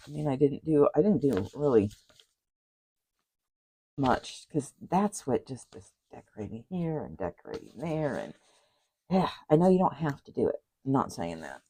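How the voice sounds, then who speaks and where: A woman's voice: low voice, dark tone, breathy edge, rough recording. A woman crafter chatting casually as she shows a handmade journal, rambling with asides and apologies. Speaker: craft vlogger. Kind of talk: casual journal flip-through chat.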